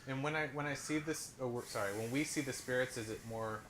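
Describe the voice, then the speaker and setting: A man's voice: medium pitch, fairly quick, a bit bright, slight background noise. A man playing in a tabletop game, asking hesitant, trailing questions in casual chat. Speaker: player. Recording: echoey room.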